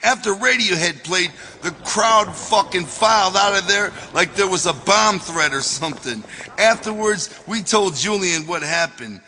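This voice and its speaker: A man's voice: high-pitched, animated, unhurried, bright, forceful tone, big-room sound, a little hiss or hum. A man reading his own memoir as an audiobook, telling it in a loose, profane way. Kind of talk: audiobook narration.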